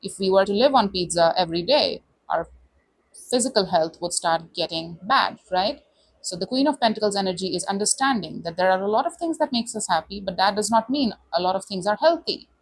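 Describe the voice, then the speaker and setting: A woman reads tarot cards out loud in a relaxed, conversational way. She talks straight to her viewer, often calls them honey, and puts their feelings into first-person quotes. Her voice sits at a middle pitch. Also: fairly quick, slightly rough, poor audio. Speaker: tarot reader. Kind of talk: casual tarot reading monologue.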